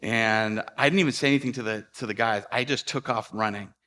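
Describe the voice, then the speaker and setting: Bright-voiced man telling a sermon story. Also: lowish voice. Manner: animated storyteller, quick bursts and hushed asides. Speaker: pastor. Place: church sanctuary.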